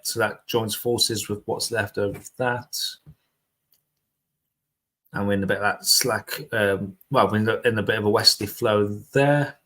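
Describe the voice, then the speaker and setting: A man, presenting a casual amateur weather forecast on a live stream in a relaxed, chatty way. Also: lowish voice. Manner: laid-back, chatty, laughs often.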